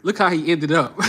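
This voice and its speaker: Man, mocking reaction host, laughs a lot, slightly high voice, bouncy intonation. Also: fairly bright tone, a little hiss or hum. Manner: mocking, laughs often, slangy. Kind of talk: casual reaction commentary.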